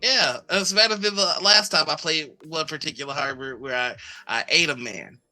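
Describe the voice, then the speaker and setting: A man's voice: a little high, a little fast, sharp tone, soft background music. A man co-hosting a casual tabletop-games chat show, rambling and laughing often. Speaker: co-host.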